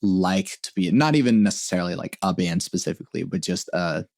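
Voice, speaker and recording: A man's voice: low voice, fairly quick, vocal fry, darkish tone, no echo, clean studio sound. A man hosting a casual interview at his home, friendly, asking short questions and laughing often. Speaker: podcast host.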